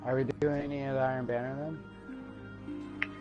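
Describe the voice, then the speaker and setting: A man on voice chat during an online game, chatty and upbeat, with a mid-range voice. Game music plays clearly behind him. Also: medium pitch, level tone, a little slow. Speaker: gamer on voice chat. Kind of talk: casual gaming chat.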